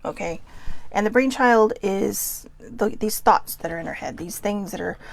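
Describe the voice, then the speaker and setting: A woman with a Californian accent hosting a casual solo talk, reading cards aloud and chatting quickly, with frequent self-interruptions and an admitted nervousness. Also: medium pitch, gravelly. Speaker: host. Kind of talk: casual musing while reading oracle cards.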